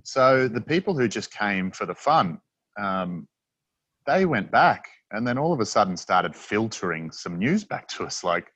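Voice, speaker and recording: Husky, low-voiced Australian man. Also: big pitch swings, unhurried, a bit bright, no room sound. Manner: rambling storyteller, many fillers and restarts. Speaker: freediving instructor and interview guest. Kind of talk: casual interview chat.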